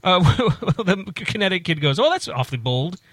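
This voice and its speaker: A man with a bright, forceful voice, a breathy edge, and pitch slightly high for a man rambles through a casual story in a dry, close-sounding room. He restarts again and again, animatedly acting out his quotes in quick voices.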